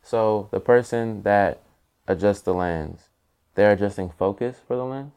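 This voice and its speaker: A man's voice: on the low side, unhurried, a little mellow, clear, resonant tone. A man hosting a podcast, asking easygoing, curious questions in casual chat. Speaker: podcast host.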